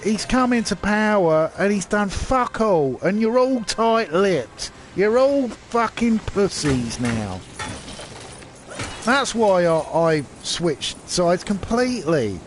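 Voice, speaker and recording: A man's voice: sits high, sing-song, slow, slight background noise. A man ranting to his viewers in a rambling, sarcastic way, full of restarts and fillers. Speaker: channel host. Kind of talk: casual rant to camera.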